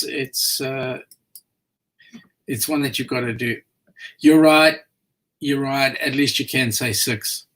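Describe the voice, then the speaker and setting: A man's voice: on the high side, pushed and bright. A man with a New Zealand accent, co-hosting a casual chat show and reading out viewer comments in a laconic way. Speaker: co-host.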